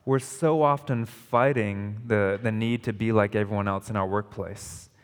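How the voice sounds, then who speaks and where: A man's voice: on the low side, steady tone, moderate pace, clear, resonant tone. A man preaching a sermon as pastor, emphatic, often restarting and repeating phrases. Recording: long reverb of a hall.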